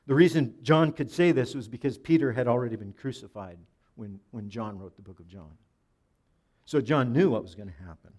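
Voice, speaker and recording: Man preaching, halting and earnest. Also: mid-range voice. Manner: preaching with frequent repeats and restarts, dropping soft for quoted lines. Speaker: pastor. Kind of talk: sermon.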